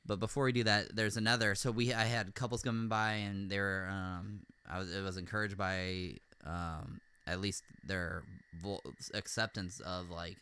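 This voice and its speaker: A man hosting a podcast, recounting events in casual chat, rambling with many fillers and getting animated when he rants. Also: sits low, moderate pace, hardly any pauses, smooth. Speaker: podcast host.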